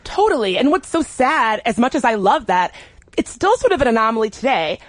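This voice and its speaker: A woman's voice: a little high, very animated, fairly quick, no echo. A woman co-hosting a podcast, chatting casually with enthusiasm and emphasis. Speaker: podcast co-host. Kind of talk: casual chat.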